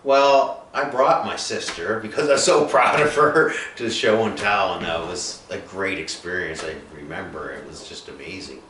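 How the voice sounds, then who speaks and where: A man telling his own life story in a rambling, halting way, full of fillers and restarts. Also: sits low, fairly bright tone. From Nova Scotia, Canada. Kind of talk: personal storytelling monologue. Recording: echoey room, mic at a distance, faint noise.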